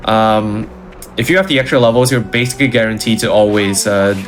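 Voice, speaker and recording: A man's voice: fairly low pitch, a little fast, faint music behind. A man explaining his speedrun route in an easygoing, casual way as he plays. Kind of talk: casual gameplay commentary.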